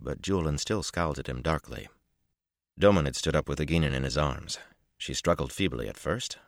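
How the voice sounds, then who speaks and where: A man narrates a fantasy novel in a measured, even voice. His voice is extremely deep. The recording is dry and close. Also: creaky, no room sound. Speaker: audiobook narrator.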